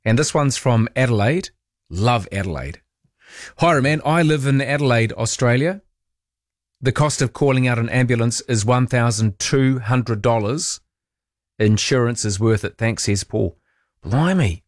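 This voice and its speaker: At a medium pitch and normal speed, a male late-night radio host keeps up casual talkback through the small hours. He's wry and asks his listeners lots of questions, heard close on a studio microphone in a dry, dead space with no room sound.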